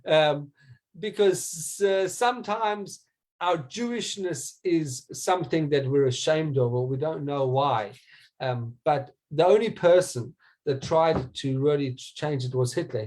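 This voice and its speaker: A man's voice: a little high, measured pace, darkish tone, low-quality recording. A man teaching a small group in an informal talk, often stumbling and repeating his words. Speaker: rabbi teaching a class.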